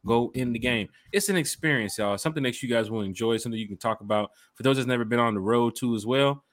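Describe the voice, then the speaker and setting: A man's voice: medium pitch, fast talker, no room sound, studio quality. Hyped man hosting a fan podcast. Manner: hyped, slangy, talks straight to fans. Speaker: podcast host. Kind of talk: casual chat.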